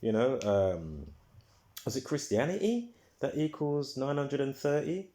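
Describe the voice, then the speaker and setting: A man's voice: mid-range voice, very animated, a little slow, warm tone. A man hosting his own video, talking in a casual rambling monologue, full of fillers and repeats, who swears when heated. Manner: repetitive, filler-heavy, restarts often. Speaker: video host.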